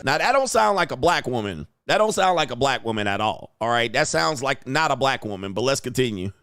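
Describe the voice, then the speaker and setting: A man's voice: medium pitch, very animated, fairly quick, fairly bright tone, slight background noise. A man hosting a casual reaction commentary, slangy and often laughing and exclaiming. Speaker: commentary channel host.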